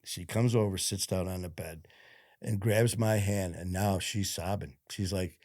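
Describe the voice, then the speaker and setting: A man's voice: sits low, steady tone, measured pace, a little mellow, no echo, clean studio sound. Blunt, profane man telling his story. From Detroit, USA. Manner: blunt, profane, retells events with quoted dialogue. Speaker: podcast guest. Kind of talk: casual interview storytelling.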